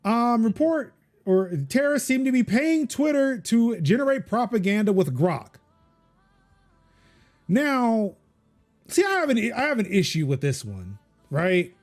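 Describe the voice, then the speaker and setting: A man's voice: extremely high pitch, sing-song, measured pace, faint music behind. A man hosting a casual tech podcast, rambling with many fillers and restarts. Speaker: podcast host.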